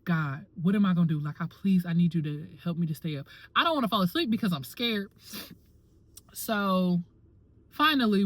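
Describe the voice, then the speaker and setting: A woman vlogger telling her own story in a casual, dramatic and expressive way, talking straight to her viewers. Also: mid-range voice, dry recording. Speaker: actor and vlogger.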